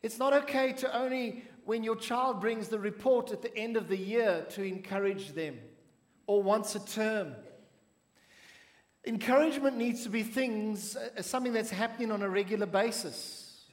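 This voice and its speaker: High-voiced preacher in an echoing hall. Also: male voice. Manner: measured preaching with audience call-and-response. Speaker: pastor. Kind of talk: sermon.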